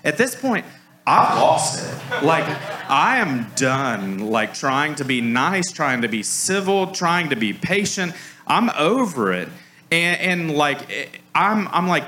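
A man's voice: on the high side, sing-song, slow, pushed and bright, a little hiss or hum. A man preaching a conversational sermon, telling stories in a casual way with lots of "like" fillers and self-deprecating humor. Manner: casual storytelling, frequent "like" fillers. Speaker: pastor.

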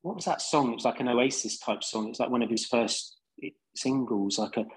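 A man's voice: medium pitch, a little fast, husky, poor audio. A man with a London accent, a band singer on a podcast, rambling through laid-back anecdotes with lots of fillers. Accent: London English. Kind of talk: casual storytelling.

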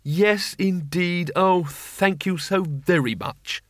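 A man doing a weary, put-upon male wizard from a comic fantasy storybook, muttering his thanks through gritted sarcasm. The voice sits a touch higher than plain narration, dry and close with no room around it. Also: animated, normal speed, fairly bright tone, no echo. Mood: bitterly sarcastic. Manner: bitter, sarcastic grumbling.

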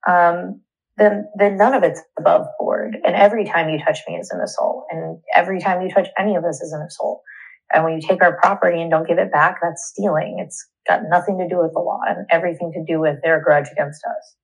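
Young woman, low and gravelly, candid interview testimony with indignant, halting delivery. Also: low-quality recording.

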